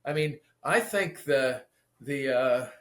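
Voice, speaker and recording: A man's voice: mid-range voice, lively intonation, slow, fairly bright tone. A man speaking as an interview guest, a theologian and pastor, talking thoughtfully and often restarting his sentences. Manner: thoughtful, with frequent restarts and stammers. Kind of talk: conversational interview.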